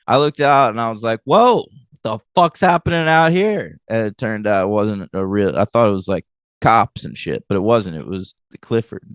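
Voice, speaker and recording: A man's voice: on the low side, a little fast, smooth, no room sound. A man co-hosting a film podcast, chatting casually and animatedly, swearing and laughing often. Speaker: podcast co-host. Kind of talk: casual chat.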